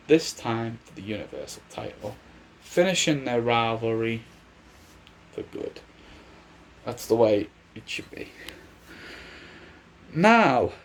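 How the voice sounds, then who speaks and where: A man's voice: medium pitch, slight background noise. A man giving casual, rambling wrestling predictions on his vlog, often restarting his sentences. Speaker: wrestling commentator.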